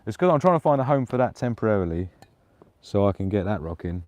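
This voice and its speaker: A man's voice: lowish voice, very animated, fast, darkish tone, no room sound. A man live-streaming casual chat outdoors in the woods at night, laughing often and cooing at his dog. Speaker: prepper vlogger.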